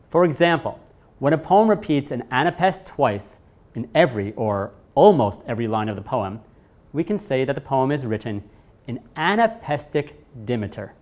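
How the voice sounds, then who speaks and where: A man narrating a scripted lesson, speaking in a measured way and stressing key words. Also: medium pitch, a little mellow. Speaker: teacher.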